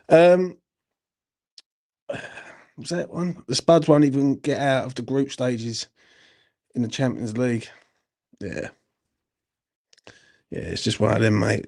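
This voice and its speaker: A man's voice: medium pitch, mellow. A young man hosting a late-night football fan live stream, ranting bluntly and swearing heavily as he reads viewer comments. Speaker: host of a football fan channel.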